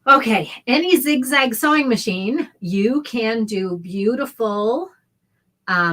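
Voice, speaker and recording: A woman's voice: medium pitch, a bit bright. A middle-aged woman hosting a casual sewing livestream, chatty and heartfelt, greeting viewers by name. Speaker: sewing show host. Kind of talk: casual livestream tutorial chat.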